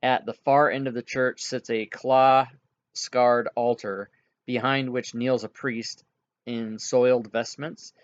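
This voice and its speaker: A man narrating as game master of a tabletop game, halting and full of fillers. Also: mid-range voice, flat delivery, muffled recording. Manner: halting, filler-heavy, chuckles at players.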